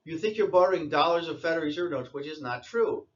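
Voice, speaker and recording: A man's voice: on the high side, lively intonation, quick pace, highs cut off. A man giving an insistent lecturing monologue, repeating his points and scolding listeners. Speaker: commentator.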